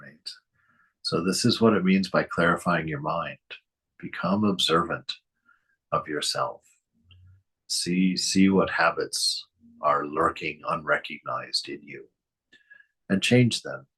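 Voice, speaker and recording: A man leads a reflective spiritual talk in a deep, husky voice. He speaks gently and poses question after question to his listeners, often breaking into a soft chuckle. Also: expressive, slow, pauses often. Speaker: spiritual teacher giving commentary.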